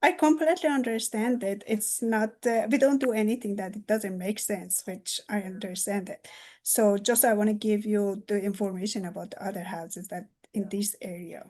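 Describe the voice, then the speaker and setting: A woman real estate agent practicing a sales pitch in a role play, halting and pausing often. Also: steady tone, darkish tone. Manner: halting, with many "uh" pauses.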